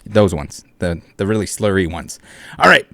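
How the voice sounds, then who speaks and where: A man's voice: deep voice, lively intonation, moderate pace, bright, forceful tone, no echo. A man hosting a casual commentary video, reading comments and a news article aloud with sarcastic, mocking asides and frequent swearing. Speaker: YouTube commentator.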